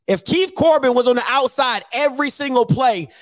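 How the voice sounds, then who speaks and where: A man's voice: extremely high pitch, fairly quick, a bit bright, no room sound. A man on a sports talk show, arguing his point insistently and repeating himself for emphasis. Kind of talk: heated sports debate.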